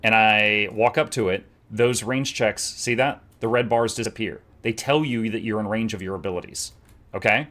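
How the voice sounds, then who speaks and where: A man explaining his views as a content creator, talking quickly with many fillers. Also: lowish voice, sharp tone, no room sound. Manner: fast, explanatory, filler-heavy. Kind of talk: clip played on stream.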